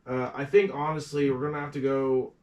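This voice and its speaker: Male co-host, halting and filler-heavy; distant mic, roomy sound. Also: mid-range voice, little pitch movement, a little mellow, muffled recording. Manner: hesitant, full of "uh", reads prospect notes aloud. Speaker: podcast co-host. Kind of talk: casual sports chat.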